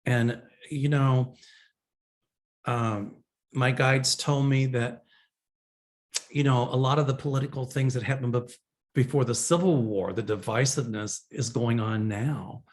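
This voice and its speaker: Psychic guy answering viewer questions, rambly, lots of ums, mid-pitched voice. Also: fairly even intonation, measured pace. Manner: rambling, many fillers. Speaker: psychic show host.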